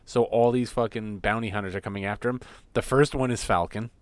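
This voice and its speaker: A man co-hosting a podcast in casual chat, swearing freely and retelling scenes with animated energy. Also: on the low side, a little fast, no room sound. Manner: profane, animated storyteller. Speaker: podcast co-host.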